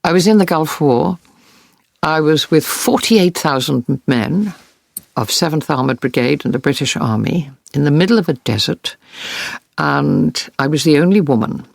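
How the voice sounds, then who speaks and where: A woman's voice: low voice, animated, moderate pace, vocal fry, dry recording. A woman war correspondent earnestly recounting vivid experiences in an interview. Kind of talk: interview storytelling.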